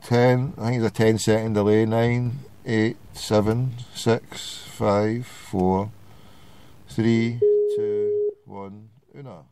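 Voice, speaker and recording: A man's voice: on the low side, level tone, slow, noisy background. A man with a Glaswegian accent hosting a casual call-in show and teasing his callers. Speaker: host of a call-in internet radio show. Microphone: phone call.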